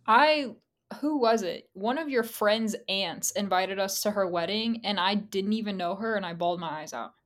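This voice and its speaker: A young woman co-hosting a casual podcast, telling stories with lively energy and laughing easily. Her voice sits in the middle of the usual range for a woman. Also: mid-range voice, normal speed. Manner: chatty, laughs often, animated storytelling. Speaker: podcast co-host. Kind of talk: casual chat.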